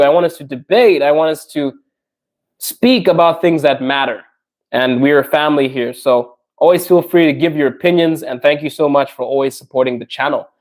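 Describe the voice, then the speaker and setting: Young man, slightly high voice, chatty live-stream host reading out chat comments. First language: not Russian; learning Russian. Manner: friendly, chatty, laughs often, addresses viewers directly. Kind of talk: casual livestream chat.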